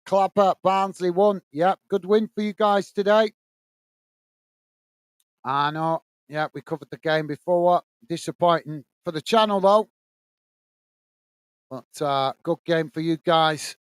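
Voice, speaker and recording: A man's voice: slow, pauses often, smooth, no echo. A man from the UK hosting a live football watch-along, calling the play steadily and chatting with viewers between moves. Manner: steady play-by-play, lifts pitch when greeting viewers. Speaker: watch-along host and commentator.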